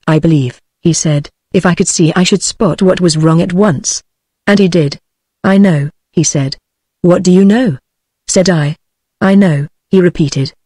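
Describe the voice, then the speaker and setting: A text-to-speech woman's voice with a British English accent, reading a classic story aloud in an even synthetic delivery. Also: on the low side, a little slow, breathy edge, dry recording. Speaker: narrator.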